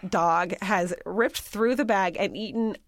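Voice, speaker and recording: A woman's voice: mid-range voice, slow pace, no room sound, studio quality. A woman hosting a casual podcast, talking bluntly and enthusiastically with sarcastic asides and casual swearing. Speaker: podcast host. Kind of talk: casual chat.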